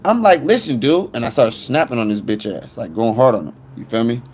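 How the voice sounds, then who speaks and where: A man's voice: medium pitch, lively intonation, brisk, darkish tone, a little hiss or hum. A man telling a rambling, profane story to viewers on his phone stream.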